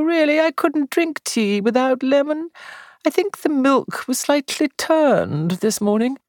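Lady putting on a fussy old invalid, thin weak voice, high and soft, kinda whiny. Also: no echo, studio quality, heavily acted. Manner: melancholy, self-pitying, fussy. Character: whining frail invalid older woman.

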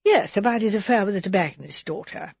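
A woman voicing an impulsive, warm-hearted young woman who talks earnestly and haltingly. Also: medium pitch, lively intonation, vocal fry, breathy edge, dry recording, dull audio. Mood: indignant.

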